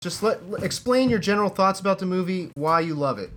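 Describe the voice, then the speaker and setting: A man's voice: high voice, animated, fast talker, fairly bright tone, a little hiss or hum. A man hosting a casual movie podcast, putting questions with many hesitations. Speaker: podcast host.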